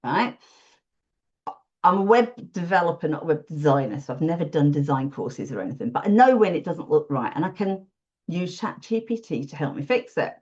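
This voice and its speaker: A woman with a somewhat low voice talks freely about freelancing in a laid-back podcast interview, where she's a guest who does WordPress support. She laughs readily and is self-deprecating. The recording is dull and lo-fi, resembling a remote call.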